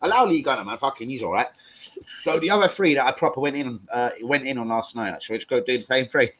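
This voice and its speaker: A young man hosting a casual live stream, full of slang, swearing and excited banter. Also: medium pitch, fast, husky. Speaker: livestream host.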